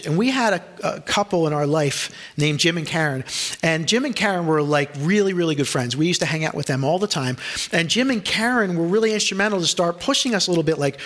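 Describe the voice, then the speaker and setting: A man's voice: on the high side, expressive, brisk, a bit bright. A middle-aged male pastor preaching a sermon, telling personal stories and acting out the voices of the people in them. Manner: storytelling, acts out quoted voices.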